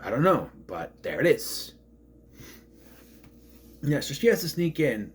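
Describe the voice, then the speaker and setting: Animated man rambling through a movie recap. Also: high voice. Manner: rambling, with fillers and quick voice impressions.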